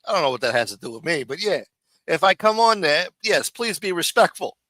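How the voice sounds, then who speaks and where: A streetwise man hosts a live recap stream, cursing freely and breaking balls in an easy, casual way. His voice sits a bit high for a man. The sound is close and dry, with no room around it. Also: big pitch swings, brisk, pushed and bright, no echo. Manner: streetwise, profane, ribbing. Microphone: studio mic for a radio-style show.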